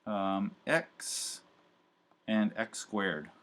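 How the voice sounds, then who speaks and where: Male professor lecturing a live class; lowish voice, loose chatty delivery full of ums and asides. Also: very slow, a bit bright. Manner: casual, chatty, many fillers and asides. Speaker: university math professor.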